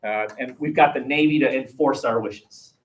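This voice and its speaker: A male history teacher lectures his class in a rambling, wry, conversational way, his voice medium in pitch and moderate in pace. The clip was recorded by webcam in a classroom.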